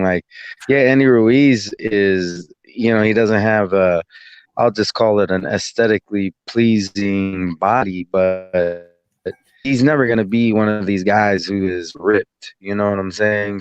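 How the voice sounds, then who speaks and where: Low-voiced man on a dull call line. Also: clean tone, no echo. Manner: rambling, filler-heavy. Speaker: guest caller. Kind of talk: casual chat.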